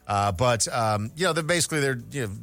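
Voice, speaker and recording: A man's voice: medium pitch, expressive, fast talker, a bit bright. A male radio host in casual chat, steadily summarizing entertainment news stories.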